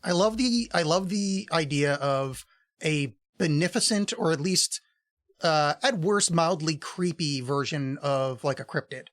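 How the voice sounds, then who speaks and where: A man's voice: fairly high pitch, a little slow, a bit bright, no room sound, studio quality. A middle-aged man co-hosting a podcast, telling rambling stories in casual chat, laughing often and swearing freely. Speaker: podcast co-host.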